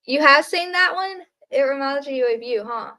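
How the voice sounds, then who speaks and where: A woman's voice: high voice, expressive, moderate pace, sharp tone. A woman hosting a casual livestream from home at night, chatting and giggling with her viewers and talking to her pet. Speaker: livestream host. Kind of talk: casual live chat with viewers.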